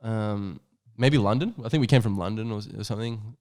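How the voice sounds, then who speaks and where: A young adult man co-hosting a podcast tells a rambling travel story in casual chat, packed with "like" and swearing. His voice is lowish and darkish, and he talks fairly quickly.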